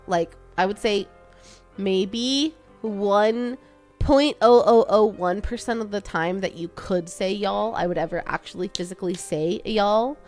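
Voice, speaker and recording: Chatty young woman with a slight Texan twang. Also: medium pitch. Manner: chatty, self-deprecating, laughs often. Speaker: streamer. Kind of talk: casual chat with viewers while working.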